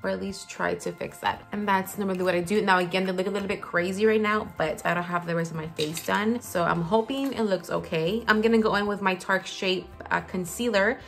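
A woman beauty vlogger talks her way through a get-ready-with-me session, rambling and filling pauses as she goes. Her morning voice sits lower than usual, in a middling pitch for a woman, with faint music under her. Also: steady tone, vocal fry. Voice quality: low morning voice. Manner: chatty, rambling, lots of fillers. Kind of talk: casual get-ready-with-me chat. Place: home, seated at a filming setup.

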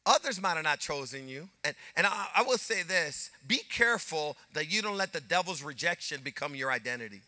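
Older male pastor, high bright voice, dry close sound, animated preaching. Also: fairly quick, hardly any pauses, no echo. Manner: animated, preaching with rising intensity and call-and-response. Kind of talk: sermon. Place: church sanctuary.

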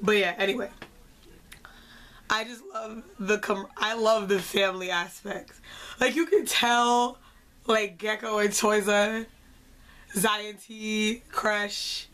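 A young woman vlogger giving an excitable, chatty concert review, full of "like". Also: mid-range voice, slow, long pauses. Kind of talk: casual concert review vlog.

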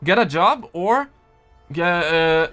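A man's voice: on the high side, animated, slow pace, pushed and bright. A young man hosting a gaming livestream, chatting casually and jokingly with viewers, reading their messages in loose slang. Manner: loose, jokey, slangy, lots of "man" and "dude". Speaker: livestream host. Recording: faint music behind.

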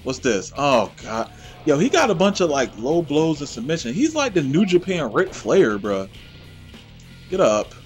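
Excitable trash-talking man, wildly swinging pitch. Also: a little slow, soft background music. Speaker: gameplay channel host. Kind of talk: casual gameplay commentary.

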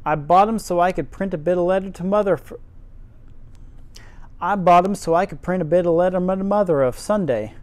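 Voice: medium pitch, a little fast, a little mellow, no room sound, pitched above the performer's own voice, lightly acted. Tipsy reader doing a chatty Yorkshire housemaid. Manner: broad dialect, chatty and homely. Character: cheerful young Yorkshire housemaid woman.

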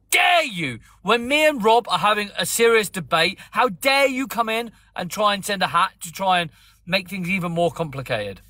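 A man's voice: high voice, pushed and bright, dry recording. A man hosting a phone-in live stream, arguing back with theatrical mock outrage. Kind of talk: casual debate.

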